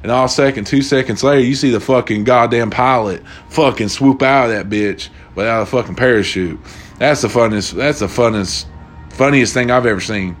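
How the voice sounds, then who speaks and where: A man's voice: fairly low pitch, normal speed, soft background music. A young man hosting a casual solo podcast, rambling and swearing freely as he retells stories. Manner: profane, rambling, loose storytelling. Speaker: podcast host.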